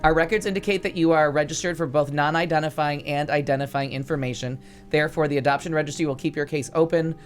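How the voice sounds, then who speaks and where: A man's voice: on the high side, steady tone, quick pace, soft background music. A man in his forties from upstate New York, telling a story in casual chat with sarcastic, wry humor. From Niagara Falls, New York.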